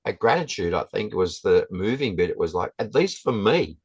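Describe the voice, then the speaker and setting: Very deep-voiced man telling a story. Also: very animated, darkish tone, slightly rough, dry recording, low-quality recording. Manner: halting, many restarts and fillers. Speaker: guest. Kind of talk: casual storytelling.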